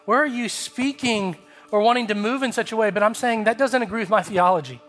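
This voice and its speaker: High-voiced pastor telling a story. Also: male voice, brisk, soft background music. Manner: animated, acts out dialogue in his story. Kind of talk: sermon with storytelling. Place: church sanctuary.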